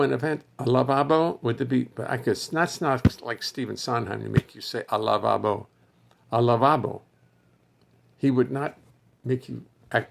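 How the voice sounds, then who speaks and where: Gravelly, hoarse man rambling on a livestream. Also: mid-range voice, fairly bright tone. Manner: chatty, wandering, thinks aloud and greets viewers by name. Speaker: musician hosting a livestream for fans. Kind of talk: rambling casual livestream chat.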